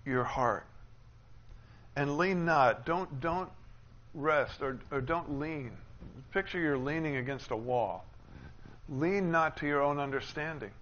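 A pastor with a slightly high voice preaches a sermon, building to loud, emphatic declarations before dropping into quick conversational asides. The sound is lo-fi.

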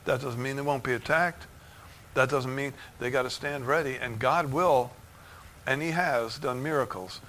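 A man preaching a sermon from the pulpit, fervent, swinging from low, quiet lines to shouted bursts of joy. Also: measured pace, a little hiss or hum. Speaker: pastor. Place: church sanctuary.

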